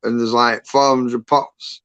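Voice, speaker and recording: A man rambling through a story on a livestream, padding every phrase with fillers. He corrects himself as he goes, and his voice comes across smooth and resonant. The sound is dry and a little muffled. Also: mid-range voice, little pitch movement, takes it slowly, a bit bright, no echo. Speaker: guest on a livestream. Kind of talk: casual chat.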